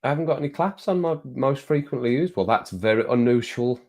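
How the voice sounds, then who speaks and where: A man's voice: medium pitch, animated, a little fast, darkish tone. A man hosting a casual livestream, reading out viewer comments in a rambling, jokey way and getting worked up now and then. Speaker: livestream host.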